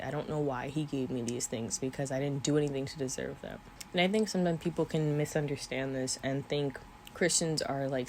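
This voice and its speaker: Slight background noise comes through the camera mic as a young woman in her twenties talks earnestly about her faith. Her deep, darkish voice sometimes turns teary, broken by small laughs, in this emotional vlog to camera.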